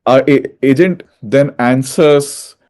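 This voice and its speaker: A man's voice: medium pitch, slow pace, darkish tone. A man, a tech executive guest, explaining in a matter-of-fact way. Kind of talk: interview answers.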